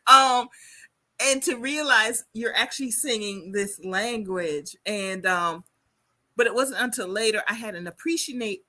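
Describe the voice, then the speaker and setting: A woman hosting an interview, telling a personal story in a chatty, animated way. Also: fairly high pitch, a little slow. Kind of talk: conversational interview.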